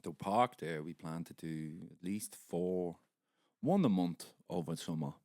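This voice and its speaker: A man's voice: low voice, a little slow, dark tone, dry recording, studio quality. A middle-aged Irish man chatting as a podcast guest, laughing easily and swearing. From Ireland. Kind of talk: casual chat.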